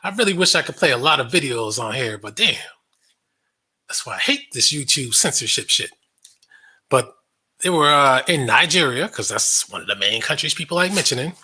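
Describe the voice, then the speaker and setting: A man's voice: medium pitch, sing-song, moderate pace, pushed and bright, slightly rough. A man hosting a casual commentary monologue, blunt and sarcastic, swearing freely and laughing often. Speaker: online show host.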